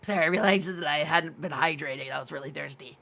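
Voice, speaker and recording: Giggly bright-voiced woman streamer. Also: deep voice, quick pace, creaky. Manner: giggly, rambling, answers chat aloud. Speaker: live streamer. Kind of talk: casual live-stream chat with viewers.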